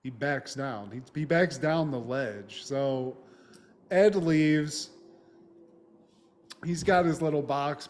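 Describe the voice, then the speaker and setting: A man's voice: on the high side, lively intonation, takes it slowly, a little mellow. Podcast co-host, young man with a light voice, loose and profane, performs the dialogue as he retells. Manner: profane, acts out characters' lines while retelling. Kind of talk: casual chat recapping a TV episode.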